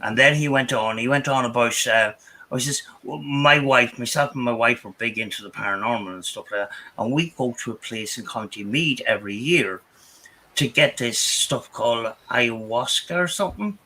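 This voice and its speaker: Podcast host, man, very bright and forceful voice, rambles through anecdotes with constant restarts. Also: medium pitch, moderate pace, rough recording. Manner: rambling, many restarts and "I says". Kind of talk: casual storytelling chat.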